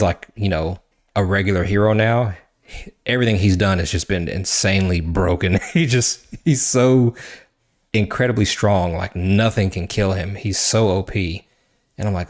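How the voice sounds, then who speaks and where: A man hosting a podcast, casually retelling a comic book story in an animated way, swearing and acting out what the characters say. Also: low voice. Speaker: podcast host.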